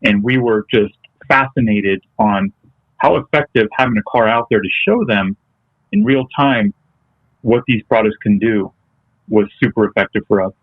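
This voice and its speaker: A man's voice: lowish voice, moderate pace, no room sound. Hesitant male guest on a tinny line. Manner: hesitant, with many ums and restarts. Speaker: interview guest, detailing business owner. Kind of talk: casual interview chat. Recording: tinny, phone-like remote call audio.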